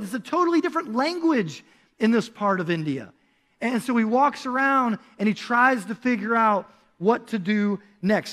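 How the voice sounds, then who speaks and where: A young adult male pastor delivers a sermon in a church, telling a story with animated, acted-out quotes. His voice sits very high for a man, with a bright, forceful edge, and he breaks into loud calls at key moments.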